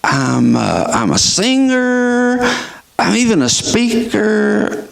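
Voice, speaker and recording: A man voicing a distressed woman TV co-host who hesitates and gropes for answers, in a slow, lively sermon retelling. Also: high voice, gravelly, reverberant, pitched above the performer's own voice, full character voice. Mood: unsettled.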